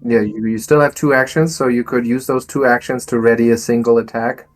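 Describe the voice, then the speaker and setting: A man narrating and running a tabletop game as game master, with dramatic, unhurried narration. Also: medium pitch, steady tone, faint music behind.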